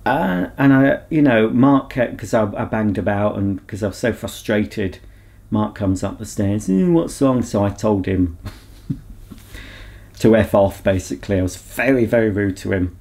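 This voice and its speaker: A man's voice: lowish voice, steady tone, unhurried, vocal fry, a little mellow. A man vlogging in a casual, rambling chat to camera, talking candidly and reflecting on himself.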